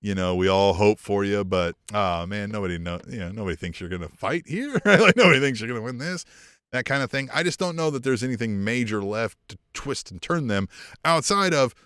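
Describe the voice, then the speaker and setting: A man's voice: on the low side, expressive, a little fast, a bit bright, clean tone, no echo, studio quality. A man co-hosting a podcast in casual chat, rambling and profane, laughing often. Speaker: podcast co-host.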